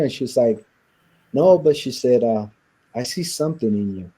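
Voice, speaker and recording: A man with a low, very dark and mellow voice tells his own story in an interview. He talks casually, acting out old conversations and leaning on "you know" and "like". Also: expressive, normal speed, breathy edge. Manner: casual, storytelling with many quoted exchanges and fillers. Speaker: interview guest.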